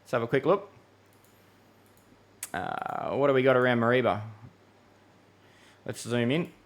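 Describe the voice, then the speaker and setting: Australian male weather host, relaxed live-stream chat, easygoing and mate-heavy, mid-range voice. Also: mid-range voice, a little slow. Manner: laid-back, chatty, calls people mate, many fillers. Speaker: weather forecaster hosting a live Q&A.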